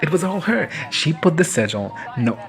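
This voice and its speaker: A man's voice: a little high, sing-song, normal speed, creaky. A man giving a casual, foul-mouthed recap of a TV episode, laughing often and acting out the characters. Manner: crude, swears freely, laughs often, acts out characters. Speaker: reaction vlogger.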